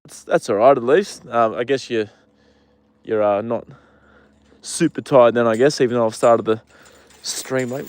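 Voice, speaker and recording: A man's voice: mid-range voice, measured pace, pauses often. A man hosting a casual live stream outdoors by a horse paddock, rambling and answering viewer comments, with the odd swear word.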